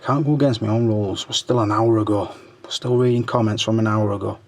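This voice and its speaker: A man's voice: fairly low pitch, fairly even intonation, quick pace. A middle-aged man hosting his own toy review channel, reading viewer comments in a casual chat. He jokes crudely, swears a lot and mutters under his breath while scrolling.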